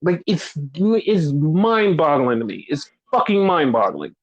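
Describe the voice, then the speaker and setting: A man's voice: fairly high pitch, sing-song, a little slow, dull audio. Exasperated profane man ranting. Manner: exasperated, profane, mocking fans in quoted voices. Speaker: podcast co-host. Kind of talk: profane ranting wrestling podcast chat.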